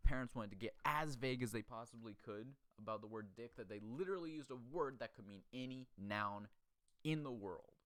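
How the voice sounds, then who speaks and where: A man's voice: on the low side, a bit bright, clear, resonant tone, no room sound. A man hosting a casual comedy chat, crude and rambling, often laughing. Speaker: podcast host.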